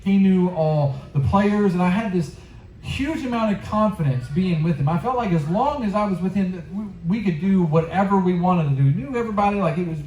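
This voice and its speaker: Male youth pastor, casual earnest sermon delivery, warm mellow tone, roomy echo. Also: high voice, lively intonation, fairly quick, a little hiss or hum. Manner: earnest, conversational storytelling.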